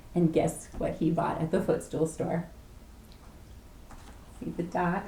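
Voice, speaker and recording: A woman librarian reading a picture book aloud at a preschool storytime, animated and playful, asking the children questions. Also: lowish voice, takes it slowly, a little hiss or hum. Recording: echoey room.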